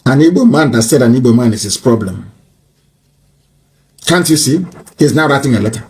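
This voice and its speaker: A man delivering an impassioned, mocking political tirade that rises to shouts. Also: mid-range voice, lively intonation, moderate pace. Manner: mocking, scornful, rising to shouts.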